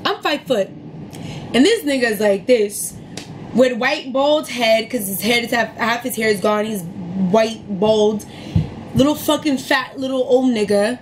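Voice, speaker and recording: A high-voiced young woman tells a story in a casual, fired-up rant full of swearing. She speaks to camera with a faint hum of room noise behind her. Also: a little slow, rough recording. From New York City area. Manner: profane, heated, animated retelling. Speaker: vlogger telling a story.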